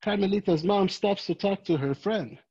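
A volunteer reading a children's picture book aloud, gently and expressively, lifting the voice for quoted greetings, on a dull lo-fi home recording. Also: medium pitch, normal speed, creaky, slightly rough. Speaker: volunteer story reader.

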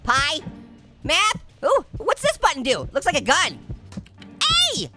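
Over loud music, a man performs a heavily acted cartoon orange for a let's play, his squeaky, pitched-up voice swooping wildly in pitch while he takes it slowly. Giggly and hyper, the wisecracking character jokes and puns through the gameplay.

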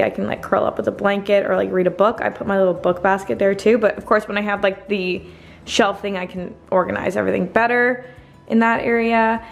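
Chatting casually at home to her camera, a young woman in her twenties laughs a lot and mocks herself as she vlogs from her kitchen and a small room. Her voice is mid-range and gravelly, and the home camera picks up a noisy sound.

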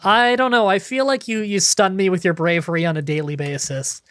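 A woman's voice: mid-range voice, fairly even intonation, brisk, fairly bright tone. A woman hosting casual multiplayer gameplay commentary from her home studio, chatty and prone to rambling anecdotes with casual swearing. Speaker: gaming channel host.

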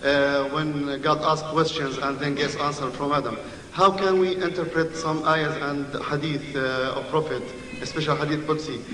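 A man's voice: a little high, steady tone, moderate pace, a bit bright. A man in the audience asking a question at a lecture, hesitant and full of fillers. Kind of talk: question from the floor. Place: large lecture hall. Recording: distant mic in echoey hall with faint noise.

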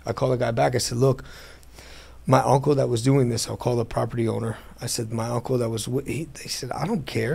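In a casual interview recorded in an airplane hangar, a man tells the story of his business. His voice is medium-pitched and gravelly, moving at a moderate pace with long pauses, and he animatedly acts out the voices of the people he quotes.

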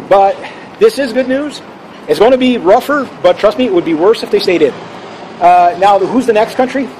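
A man with a notably high voice rambles through a casual opinion vlog in a forceful, opinionated way. He talks outdoors, and faint traffic and city ambience sit in the background. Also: low-quality recording. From Canada. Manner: assertive, rambling, with fillers and restarts. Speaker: channel host.

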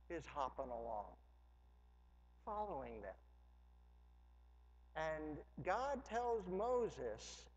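A man preaching a sermon as pastor, conversational with humorous asides, rising to emphatic preaching. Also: medium pitch. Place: church sanctuary. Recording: dull lo-fi church hall recording with long reverb.

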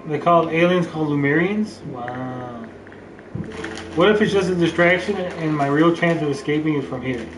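A man's voice: on the high side, moderate pace, distant mic, noisy background. A man hosting a casual gameplay session, joking, rambling and reading the game's text aloud. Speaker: let's play host. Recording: roomy sound from off-mic, game music. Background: game music.

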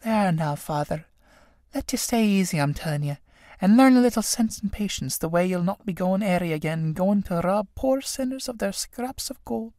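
A man's voice: high-pitched, lively intonation, normal speed, darkish tone, no echo, studio quality, pitched above the performer's own voice. A man voicing an old tinker woman in a play reading, talking in a soothing, crooning way. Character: old woman tinker, fond of drink, coaxing.

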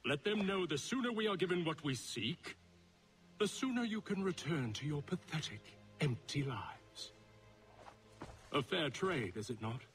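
An actor playing a cold, contemptuous colonial commander in a video game cutscene, speaking in a measured, menacing, condescending way. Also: male voice, sits high, a bit bright, heavily acted.

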